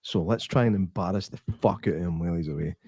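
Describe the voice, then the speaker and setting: A man's voice: low-pitched, fast talker, vocal fry, darkish tone, slightly rough, no echo, studio quality. A man co-hosting a casual podcast, friendly and teasing, often restarting his words. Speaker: podcast co-host. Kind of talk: casual chat.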